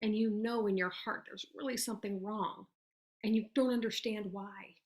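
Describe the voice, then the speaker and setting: A woman giving an earnest, chatty motivational talk to her network marketing team, full of "you guys" and "y'all", sometimes dropping to a soft voice to act out sample messages. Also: medium pitch, fairly even intonation, normal speed.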